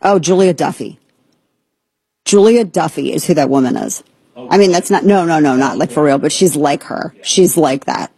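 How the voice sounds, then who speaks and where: A woman's voice: low voice, normal speed, dark tone. A woman hosting a talk radio show, giving sarcastic, incredulous commentary.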